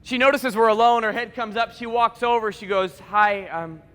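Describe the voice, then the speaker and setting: Bright-voiced young man speaking to a hall. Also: very high voice, a little fast, clear, resonant tone. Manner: animated, conversational storytelling with comic asides. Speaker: motivational speaker. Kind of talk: school assembly keynote storytelling. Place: school gym assembly. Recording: echoey school hall reverb.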